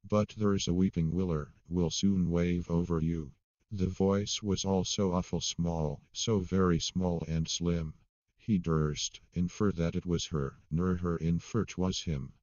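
A man reading a comic ballad aloud in a steady storytelling manner. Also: sits low, a little slow, no echo, dull audio. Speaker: poetry reader.

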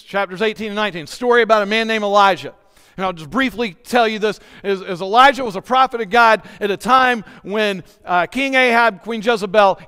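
Man, pastor, sermon, earnest, high voice, long church reverb. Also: fairly bright tone, smooth. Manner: earnest, questions the congregation directly. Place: church sanctuary.

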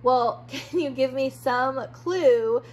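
A woman's voice: sits high, slow pace, a little mellow, low-quality recording. A woman telling a casual storytime vlog about her dog, frustrated, acting out both sides of past conversations.

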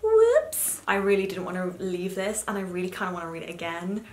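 A woman's voice: fairly low pitch, little pitch movement, fast talker. A young woman in her twenties chatting casually as a book vlogger, swearing freely and filling her talk with "like". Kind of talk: casual chat. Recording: echoey room with faint music.

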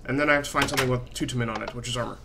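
A man's voice: mid-range voice, fairly even intonation, very fast, gravelly, bright, forceful tone, slight background noise. A man casually narrating his own gameplay, rambling and swearing freely with a self-mocking streak. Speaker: gaming channel host. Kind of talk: casual let's-play commentary.

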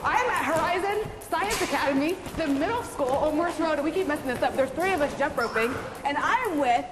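A woman reporting live for morning TV from inside a school, upbeat and chatty, quick to laugh. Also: high-pitched, animated, music in the background. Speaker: lifestyle reporter. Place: middle school, indoors. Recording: echoey room with faint background noise.

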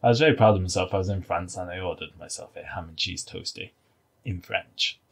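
A man with a husky, slightly low voice co-hosts a comedy podcast. He talks in a relaxed, rambling way, laughing often and filling gaps with ums and likes. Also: brisk. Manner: laughs often, trails off with fillers. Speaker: podcast co-host. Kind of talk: casual comedic chat.

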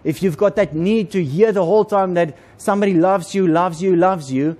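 A man's voice: high voice, moderate pace, darkish tone. A man, preaching a conversational sermon to a congregation and repeating words as he goes.

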